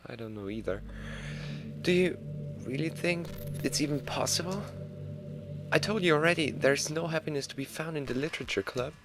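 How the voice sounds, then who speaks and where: A man voicing a sad, pleading young woman from a video game, speaking softly and hurt. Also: a little high, normal speed, music in the background, natural voice.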